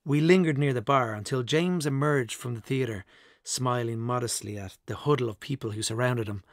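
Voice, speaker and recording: A man narrating an audiobook in a measured, reflective first-person voice. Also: medium pitch, dry recording, studio quality. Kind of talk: scripted narration.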